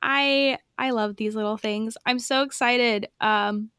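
A young woman chats on a podcast, bubbly and rambling, with lots of "like" in her speech. Her voice sits a bit high, bright and crisp. The sound is close and dry. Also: fairly even intonation, takes it slowly, dry recording. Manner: chatty, bubbly storytelling full of fillers. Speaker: podcast co-host. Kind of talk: casual chat.

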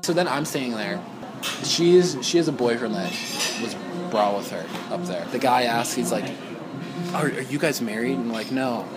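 A man's voice: medium pitch, lively intonation, normal speed. A man casually telling a long story, rambling with lots of "like" and "you know" and frequent laughs. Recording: loud music behind the voice.

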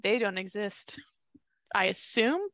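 A woman's voice: medium pitch, a little slow, a bit bright, no room sound. A woman co-hosting a casual podcast, chatty and jokey, with lots of fillers and questions. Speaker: podcast co-host. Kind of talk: casual chat. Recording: dry, slightly dull home mic.

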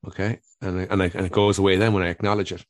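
A man's voice: sits low, level tone, racing, no echo, studio quality. A man speaking as a family therapist guest in an interview, earnest and explanatory, often repeating words as he thinks. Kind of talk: reflective conversational interview.

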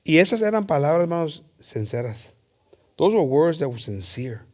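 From the pulpit, a man switches between English and Spanish while reading scripture and preaching, repeatedly calling out "hermanos." His voice is a bit higher than most men's, a little mellow, and he speaks fairly quickly and very animatedly, often stammering and restarting words.

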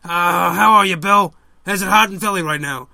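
A man doing an impression of an older male call-in radio host, slow and drawling, handing out random advice. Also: sits high, gravelly, sharp tone, no echo, heavily acted. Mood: droning. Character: older male talk-show host, rambling. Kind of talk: comedic impression sketch.

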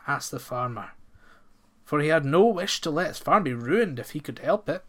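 A man narrating a folk tale in a steady, measured storybook reading. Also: medium pitch.

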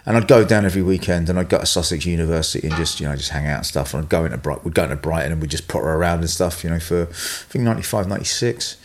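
A man's voice: low voice, racing, hardly any pauses, a little hiss or hum. A middle-aged man with an English accent, telling long, rambling stories in casual chat, full of "you know" and "right?". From England.

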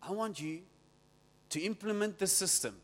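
A man's voice: sits high, moderate pace, big-room sound. A man voicing an older company founder who phones to give firm, direct instructions. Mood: commanding.

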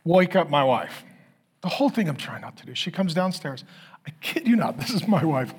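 A man in his fifties, a pastor, giving a sermon as animated, self-deprecating stories. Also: fairly high pitch, moderate pace, husky. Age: 50s. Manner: animated, self-deprecating storytelling with acted quotes.

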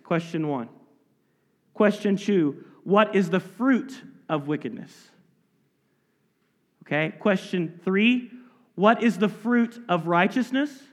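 A man preaching an expository sermon, reading scripture aloud and then driving his points home with emphatic asides and sudden quiet drops. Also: high voice. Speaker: pastor. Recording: long reverb of a large hall.

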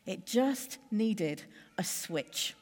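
A woman's voice: medium pitch, lively intonation, a little mellow. Woman preaching in a reverberant church. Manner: measured, conversational preaching with lists and pauses. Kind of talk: sermon.

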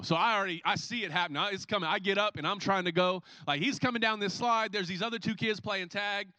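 Bright, high-voiced man preaching. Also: a little fast, hardly any pauses, no room sound. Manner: animated storytelling, acts out scenes. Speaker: pastor. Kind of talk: sermon. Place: church.

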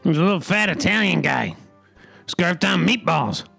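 A man hosting a comedy podcast, reading news in a mock-formal, deadpan way with crude asides. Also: sits high, normal speed, vocal fry, husky, faint music behind. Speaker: host reading news items.

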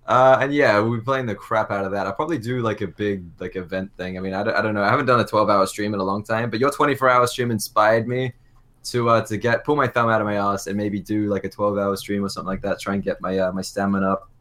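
An Australian man guesting on a podcast, joking around with crude, energetic banter. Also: fairly low pitch, quick pace. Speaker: streamer guest. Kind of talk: casual chat.

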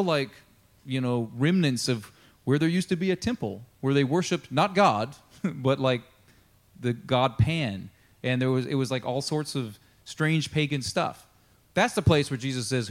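An American pastor with a medium-pitched voice preaches a casual, conversational sermon peppered with fillers, frequently acting out dialogue between Bible figures.

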